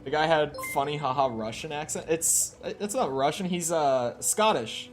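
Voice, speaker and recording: A man's voice: fairly high pitch, normal speed, faint music behind. A man streaming a video game, casually reading chat aloud and reacting to the gameplay in a laid-back way.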